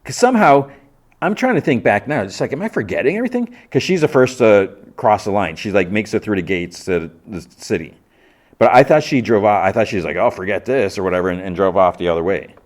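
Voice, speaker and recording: A man's voice: lowish voice, expressive, fast. Rambling man recapping an episode. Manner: rambling, stumbling restarts and self-questioning. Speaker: podcast host.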